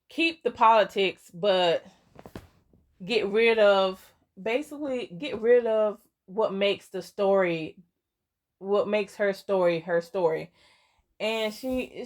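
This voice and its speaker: A young woman casually recapping a story game, rambling with lots of fillers and restarts, and often laughing in amusement. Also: mid-range voice. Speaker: gaming content creator.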